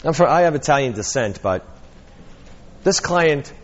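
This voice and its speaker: A man teaching a workshop, an animated storyteller who acts out quotes and laughs often. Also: mid-range voice, moderate pace, highs cut off. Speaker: hypnotherapy trainer.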